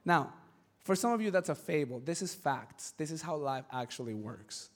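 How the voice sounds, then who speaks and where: A male pastor preaching with lively, emphatic delivery, acting out the people in his stories and sometimes rising to a shout. His voice sits high for a man. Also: normal speed. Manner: animated storytelling with acted voices. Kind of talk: sermon.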